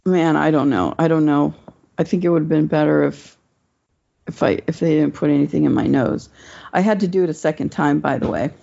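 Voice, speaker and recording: A woman's voice: deep voice, fairly quick, gravelly, dark tone. A woman telling a personal story in casual chat, rambling and swearing, with many fillers. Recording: dull lo-fi recording.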